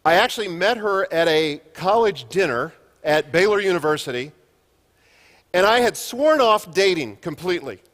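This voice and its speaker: A man's voice: high voice, expressive, moderate pace, a bit bright, big-room sound. A man in his fifties giving a conference keynote, telling jokey stories at his own expense. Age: 50s. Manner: jokey storytelling with self-deprecating humor. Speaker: keynote speaker. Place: conference hall.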